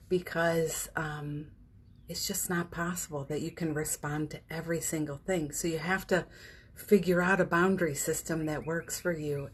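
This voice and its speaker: On a live stream captured by phone or webcam, a woman with a low, husky voice hosts her daily morning session. She talks about a spiritual practice in a casual, encouraging way, filling gaps with fillers and little laughs.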